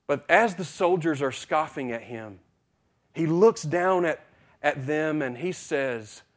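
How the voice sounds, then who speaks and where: A man preaching a sermon, retelling a story with dramatic swings between loud passages and hushed ones. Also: fairly high pitch, lively intonation, takes it slowly. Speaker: pastor.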